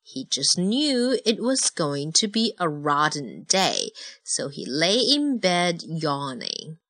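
A woman, reading a children's story aloud in a gentle, teacherly way and explaining words in Mandarin. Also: low voice, sing-song, slow pace, no echo. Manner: gentle, teacherly, switches between English and Mandarin. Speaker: host reading stories with a child.

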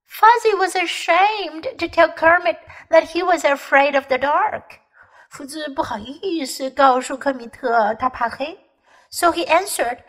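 A woman English teacher reading a bedtime story aloud, slow and expressive. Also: high voice.

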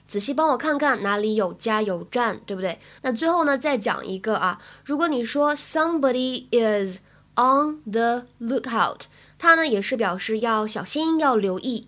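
A woman teacher with a fairly high voice walks students through English phrases. She talks in a chatty way and keeps checking in with a quick "right?". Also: a bit bright.

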